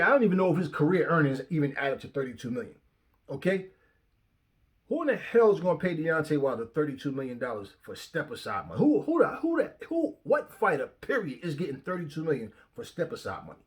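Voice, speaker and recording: A young man hosting his own channel, ranting to camera with a confrontational, profane delivery and frequent repetition. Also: fairly high pitch. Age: young adult. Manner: confrontational, profane, repeats himself. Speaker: channel host. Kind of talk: heated rant to camera. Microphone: phone facing him.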